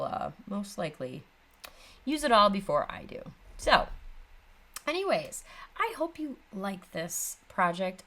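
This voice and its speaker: A woman in her thirties with an Upper Midwest American accent hosts a casual crafting vlog, rambling chattily with plenty of ums. Her voice is fairly low and bright, with vocal fry.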